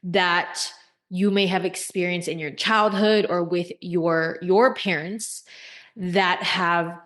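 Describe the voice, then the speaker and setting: A woman coach giving dating advice to camera, high-energy and eccentric, with deliberate, emphatic delivery. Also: fairly even intonation, fairly bright tone.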